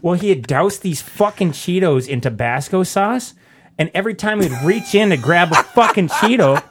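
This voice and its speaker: Young man, slightly high voice, crude and ranting, telling a bar story in a casual podcast chat. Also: moderate pace, heavy background noise. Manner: profane, ranting, animated storyteller.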